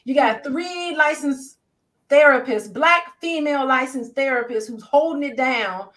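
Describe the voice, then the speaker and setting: Woman host, high voice, lively chat-reader. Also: unhurried. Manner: lively, reads viewer comments aloud. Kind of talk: live-stream panel hosting.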